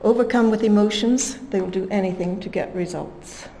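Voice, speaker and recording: A woman giving a scientific conference talk at a measured pace, reading quotes aloud with emphasis. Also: mid-range voice, mellow, a little hiss or hum, rough recording. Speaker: conference speaker.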